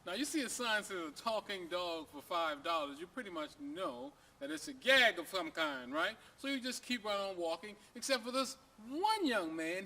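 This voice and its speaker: A man's voice: high-pitched, pushed and bright. A man telling a joke story to camera in a folksy, conversational way, often asking the listener questions.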